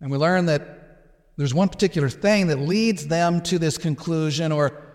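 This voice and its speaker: A pastor explaining a passage in a measured sermon, with restarts and small asides. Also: male voice, fairly high pitch, a little mellow. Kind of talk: expository sermon. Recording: long hall reverb.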